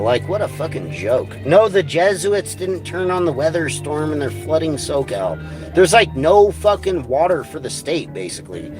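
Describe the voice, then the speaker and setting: A man's voice: on the high side, sing-song, moderate pace, music in the background. A man ranting on a livestream, angry, crude and rambling. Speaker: livestream host.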